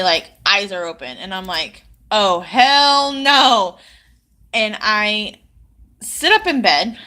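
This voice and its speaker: A woman telling a personal story in a casual, halting way, full of likes and ums. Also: mid-range voice, sharp tone.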